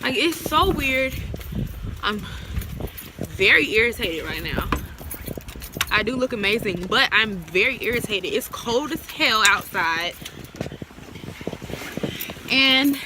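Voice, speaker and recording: A woman's voice: on the high side, lively intonation, slow, long pauses. Chatty, slangy young woman vlogging. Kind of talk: casual vlog to camera. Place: outdoors by a parked car in the cold. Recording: loud street noise outdoors.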